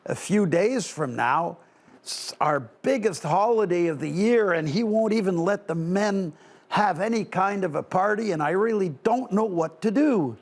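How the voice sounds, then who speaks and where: A man voicing an ancient, wise male gnome elder who speaks slowly and solemnly. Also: high voice, animated, exaggerated voice. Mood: grave. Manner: slow, measured, solemn delivery.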